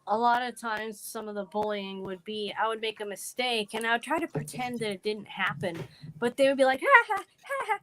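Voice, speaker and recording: A woman's voice: a little high, steady tone, a little fast, slight background noise, poor audio. A woman speaking as a guest on a live podcast, rambling earnestly with frequent "like". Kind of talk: casual live podcast chat.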